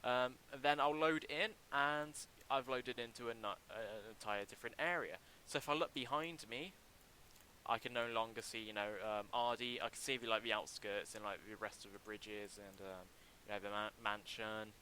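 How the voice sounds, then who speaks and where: A young man casually commenting on a livestream while building a game level, talking in a halting, chatty way with many ums and restarts into a desk mic. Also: medium pitch, steady tone, bright, forceful tone, slight background noise, poor audio.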